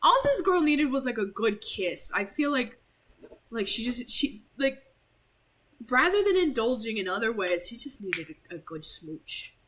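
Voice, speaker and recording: A woman's voice: fairly high pitch, big pitch swings, measured pace, a bit bright, a little hiss or hum, poor audio. A young woman casually commenting while streaming a game, rambling and apologetic, with lots of "like". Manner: chatty, rambling, heavy use of "like", apologetic.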